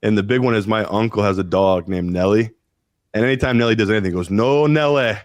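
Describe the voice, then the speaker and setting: A man co-hosting a sports betting podcast as a professional bettor, easygoing and quick to laugh. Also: lowish voice, dry recording, studio quality.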